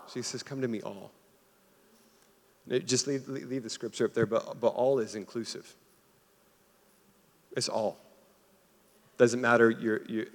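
A young man preaching a sermon, casual and conversational, calling on the congregation to answer back. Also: fairly low pitch. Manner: casual, conversational preaching with audience call-and-response. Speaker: pastor. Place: church auditorium. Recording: long hall reverb.

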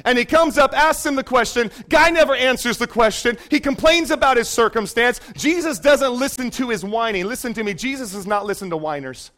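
A man preaching a fervent sermon as pastor in a church, moving from quiet asides to shouted commands. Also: extremely high pitch, a little fast, hardly any pauses.

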